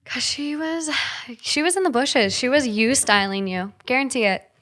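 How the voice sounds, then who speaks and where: A woman guest co-hosting a podcast, chiming in bluntly and swearing casually in relaxed chat. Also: sits high, normal speed. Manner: blunt, reactive, swears freely. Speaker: guest co-host.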